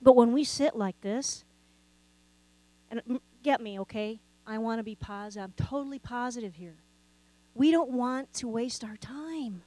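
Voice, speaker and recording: Woman preacher, sermon, fairly high voice, dry sound, mains hum in background. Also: moderate pace, dark tone, no echo, rough recording. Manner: conversational, with rhetorical questions to the congregation. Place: church sanctuary.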